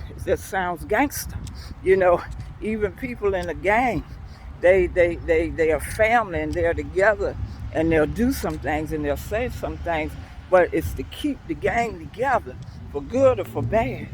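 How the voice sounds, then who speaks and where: Slow, earnest older woman giving a devotional. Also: fairly low pitch, darkish tone, a little hiss or hum, poor audio. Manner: slow, earnest, unhurried storytelling. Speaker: devotional host. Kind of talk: devotional talk on a scripture verse.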